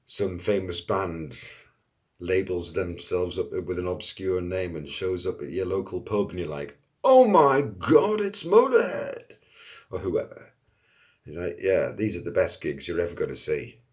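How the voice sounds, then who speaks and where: A man with a fairly low voice tells a story casually. He is animated and swears freely, and he acts out what others said. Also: moderate pace. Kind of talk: casual anecdote.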